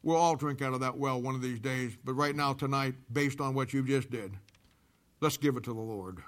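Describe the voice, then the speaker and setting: A man voicing a humble, moved king and army commander who speaks in a solemn, gentle, halting way. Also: mid-range voice, close to an everyday voice.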